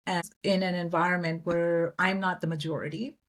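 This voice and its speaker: A woman from India, a guest in an interview, telling stories in an animated way and acting out the voices of people she quotes. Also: fairly low pitch, moderate pace. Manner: animated storyteller who acts out quoted voices. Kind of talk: conversational interview.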